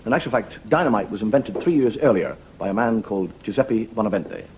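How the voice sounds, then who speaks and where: A man's voice: fairly low pitch, lively intonation, fairly quick, a little mellow, a little hiss or hum, low-quality recording. A chuckling man telling stories on stage. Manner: storytelling, chuckling between lines. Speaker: comedian host. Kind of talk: stand-up monologue.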